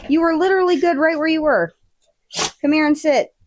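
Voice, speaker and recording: A woman livestreaming in casual chat with her viewers, animated, swearing freely and talking to her dogs. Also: high voice, fairly quick, slight background noise.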